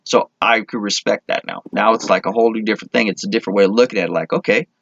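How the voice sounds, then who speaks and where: A man's voice: on the low side, steady tone, rapid-fire, a bit bright, dry recording, muffled recording. A man from Minnesota chatting casually to camera in his vlog, rambling, correcting himself and getting enthusiastic. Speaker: vlogger.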